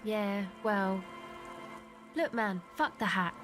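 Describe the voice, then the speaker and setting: A sullen young game character, flat and blunt, kinda weary. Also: female voice, medium pitch, slow pace, over music.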